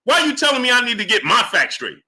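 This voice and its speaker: A man hosts a live sports stream in a high, very bright voice. He pushes exasperated rhetorical questions at his viewers and repeats his point, then drops into a low mutter to greet people in the chat. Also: wildly swooping pitch, fast. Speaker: sports livestream host.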